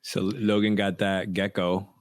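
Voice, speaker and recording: A low-pitched man chats on a podcast, reflective and easygoing, breaking into laughs and starting sentences over. His voice is close on the mic and dry, with no room sound around it. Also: flat delivery, a little slow, dry recording. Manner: reflective, laughs often, many restarts. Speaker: podcast co-host. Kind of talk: casual podcast chat.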